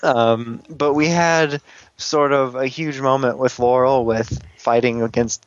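A man talking casually on a podcast, laughing often and tripping over his words as he rambles. His voice sits at an ordinary middle pitch. The recording is dull and lo-fi. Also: steady tone, slow pace. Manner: rambling, giggly, lots of fillers and restarts. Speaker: podcast co-host. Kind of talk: casual chat.

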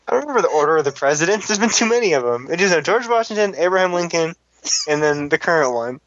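A man with a slightly high voice co-hosts a casual podcast. He reads listener comments and answers with quick, exasperated jokes. The recording sounds dull and lo-fi. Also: very animated, a bit bright, a little hiss or hum. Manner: joking, exasperated, quick asides. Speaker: podcast co-host.

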